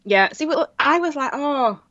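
A woman's voice: lowish voice, moderate pace, fairly bright tone, dry recording, dull audio. A woman co-hosting a casual chat, rambling with restarts and laughing often. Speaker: podcast co-host.

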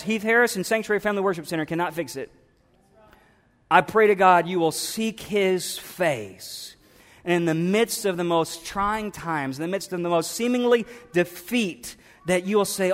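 High-voiced preacher in a reverberant church. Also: male voice, expressive, normal speed. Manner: impassioned preaching, swinging from hushed to loud. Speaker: pastor. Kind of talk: sermon. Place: church sanctuary. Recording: long reverb of a church hall.

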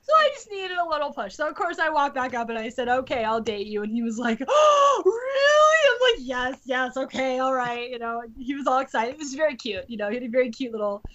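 High-voiced woman telling a story. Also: quick pace, hardly any pauses, dull audio. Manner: animated, acts out quotes, laughs often. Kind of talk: casual storytelling chat.

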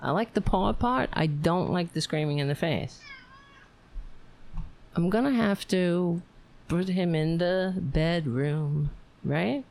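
A woman's voice: on the low side, takes it slowly, gravelly, pauses often, a little mellow. A tired woman hosting a casual livestream, chatting in a playful, rambling way. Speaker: livestream host.

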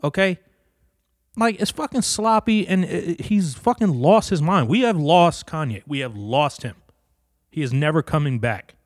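A man's voice: fairly high pitch, animated, moderate pace, no room sound, studio quality. A man in a heated, profane casual rant, repeating himself and swearing often as he gives his opinions. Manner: profane, heated, repetitive ranting.

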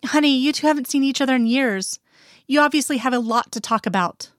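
A woman's voice: high-pitched, brisk, fairly bright tone, dry recording, studio quality, voice pushed up. A woman reading the lines of a friendly, chatty husband in a fan fiction story, in a light, slightly raised voice. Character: friendly middle-aged husband, chatty and easygoing.

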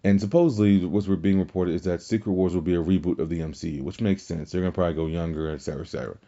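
A man's voice: low-pitched, steady tone, racing, warm tone. A man hosting a podcast, talking casually on his own in a rambling way, with many restarts and filler words. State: tired, fighting yawns. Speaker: podcast host. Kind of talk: casual solo commentary. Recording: dull lo-fi sound.

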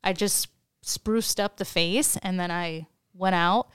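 A woman's voice: fairly low pitch, fairly even intonation, takes it slowly, a bit bright, smooth, no room sound, clean studio sound. A woman, co-hosting a casual podcast and telling stories full of swearing and acted-out quotes. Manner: profane, storytelling with acted-out quotes. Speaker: podcast co-host. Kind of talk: casual chat.

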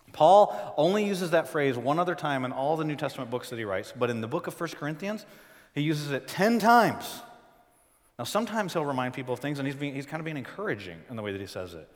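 Animated preacher man in a reverberant hall. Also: brisk. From northern United States. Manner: animated preaching with big swings in pitch and loudness, joking asides. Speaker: pastor. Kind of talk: sermon. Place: church sanctuary with a live congregation.

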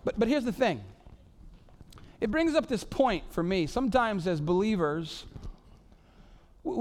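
A man preaching a casual, joking sermon full of "y'all" and "like". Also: high voice. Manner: animated, joking, says "y'all" and "like" a lot. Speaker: pastor.

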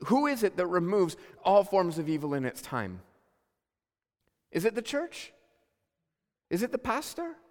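A man preaching a sermon as pastor, earnest, dropping to soft low asides and rising to emphatic calls. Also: big-room sound.

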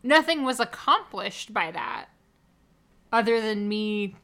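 A young woman co-hosting a podcast, complaining in a dry, deadpan way during casual chat. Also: fairly high pitch, slow pace. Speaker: podcast co-host.

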